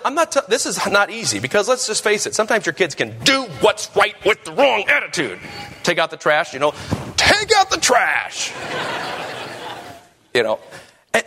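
A man preaching a sermon in a church, conversational and full of quick asides and rhetorical questions. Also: high-pitched, sharp tone, in a large hall. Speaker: pastor.

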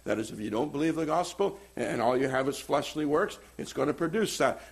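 A man preaching a sermon as pastor, swinging between loud emphatic stress and quiet asides. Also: fairly high pitch, expressive, fairly quick, hardly any pauses, slightly rough.

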